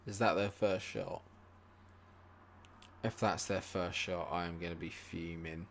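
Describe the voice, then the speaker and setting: Excitable man streaming a game. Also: sits low, a little slow, creaky, slight background noise. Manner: swings from muttering to excited shouting, swears at the game. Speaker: gaming streamer. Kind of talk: live gameplay commentary.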